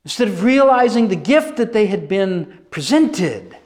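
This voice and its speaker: A male preacher giving a sermon, animated and emphatic, repeating phrases for effect. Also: high voice, unhurried.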